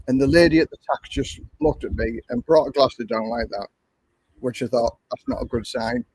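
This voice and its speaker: A man's voice: medium pitch, moderate pace, a little mellow, slightly rough, low-quality recording. An older man with an English accent, telling a long story in a chatty, repetitive way while hosting a livestream. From England. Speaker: livestream host.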